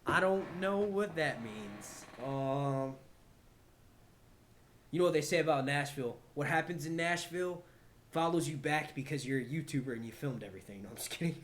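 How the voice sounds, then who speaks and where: A young man hosting a casual live stream, swearing and laughing a lot as he reads out viewer comments. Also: on the high side. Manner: loose, profane and jokey, laughing often. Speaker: YouTube show host. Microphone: desk microphone.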